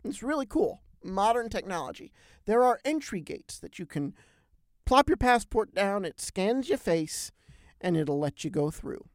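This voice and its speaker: A man hosting a podcast, telling a travel story in a lively, animated way with big swings in pitch and loudness. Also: unhurried, no echo, studio quality. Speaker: podcast host. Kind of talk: casual storytelling chat.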